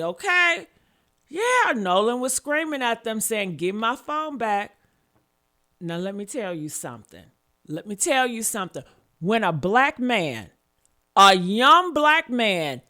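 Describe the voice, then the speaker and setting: A woman's voice: on the high side, bright, forceful tone. A woman hosting a casual commentary show, telling a story in an emphatic, sassy way and calling listeners honey and baby. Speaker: commentary channel host.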